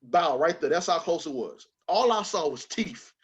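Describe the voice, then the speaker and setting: Husky-voiced man telling a wild story. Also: on the high side, moderate pace, dull audio. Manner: animated, swearing, repeats words when excited. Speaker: podcast host. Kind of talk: casual comedic storytelling.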